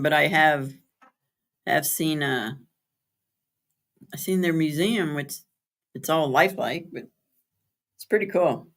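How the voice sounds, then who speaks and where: A woman's voice: low voice, a bit bright. Lady chatting on her friday night stream, laughs a lot, reads out viewer comments and spells words out. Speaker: livestream host. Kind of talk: casual live chat with viewers. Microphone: streaming setup.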